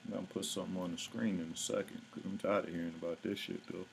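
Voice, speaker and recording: A show host in casual commentary to viewers, blunt, profane and exasperated. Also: male voice, sits low, little pitch movement, quick pace, gravelly, slight background noise.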